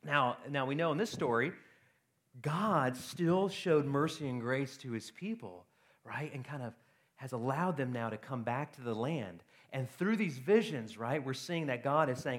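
A pastor with a mid-range, fairly bright voice preaches conversationally at a normal pace. He frequently checks in with the congregation by asking "right?"

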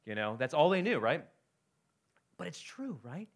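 Male pastor, sermon, conversational and animated, pitch swings a lot. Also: normal speed. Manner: conversational, asks "right?" often, reads scripture aloud.

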